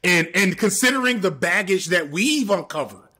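A man's voice: high voice, expressive, moderate pace, sharp tone, slightly rough. A young man in a casual panel discussion, talking bluntly with many restarts and fillers.

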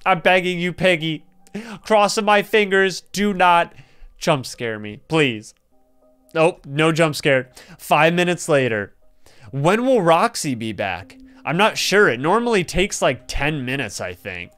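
Young man, gaming host, excitable, reads story dialogue, slightly high voice, faint background music. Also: unhurried, clear, resonant tone. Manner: excitable, laughs and gasps often. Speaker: gaming YouTuber. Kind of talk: reading in-game story aloud with reactions.

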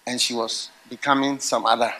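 A middle-aged man preaching a sermon, telling stories with animated swings into loud, laughing outbursts. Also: mid-range voice, moderate pace. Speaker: pastor.

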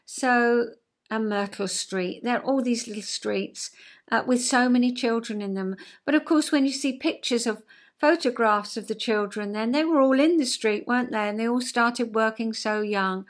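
An English woman in her sixties with a Southern English accent talks to camera from home in a chatty, rambling way. She fills her talk with asides and little fillers, and her voice sits a touch higher than most women's. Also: moderate pace. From South East England. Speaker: vlog host. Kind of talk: chatty solo vlog. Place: at home, indoors.

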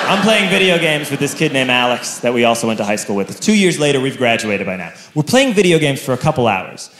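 A man in his thirties telling a stand-up story to a live audience, animated and shouting his punchlines. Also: medium pitch. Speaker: stand-up comedian. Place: comedy venue with a live audience. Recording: echoey room, crowd laughter, background noise.

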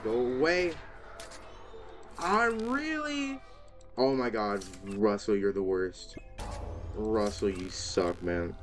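This gaming video host speaks on the low side and at a slow pace, with faint music in the background. During his let's play commentary he addresses the characters directly, often letting out startled cries.

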